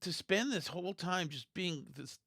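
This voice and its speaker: A man's voice: high voice, expressive, normal speed, bright, forceful tone, no room sound, clean studio sound. A man hosting a political commentary podcast, ranting bluntly and scornfully with frequent restarts. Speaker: podcast host.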